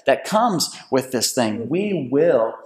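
A pastor giving an energetic, excited sermon. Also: male voice, mid-range voice, takes it slowly.

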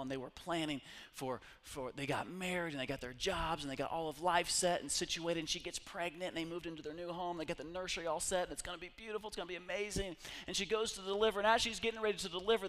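A middle-aged pastor with a fairly high-pitched voice preaches a sermon full of stories, swinging between loud calls and hushed retellings.

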